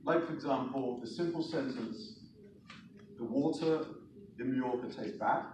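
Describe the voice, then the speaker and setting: A man's voice: medium pitch, unhurried. An Englishman tells stories to a live audience, chatty and asking the crowd questions. He is heard from far away in a very echoey hall, with faint ambient noise behind him. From England. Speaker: speaker. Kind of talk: storytelling speech to an audience.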